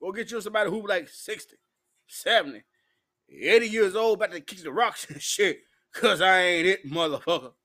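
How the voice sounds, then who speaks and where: A man's voice: sits high, normal speed, sharp tone. Drunk profane man ranting. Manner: profane, combative, rambling. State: drunk, hiccuping. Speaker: vlogger.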